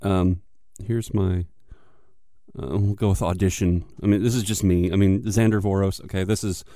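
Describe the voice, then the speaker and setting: A man's voice: deep voice, steady tone, normal speed, mellow, no echo, studio quality. A man rambling jokingly as he introduces his audition. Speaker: voice actor auditioning. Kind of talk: casual audition chat.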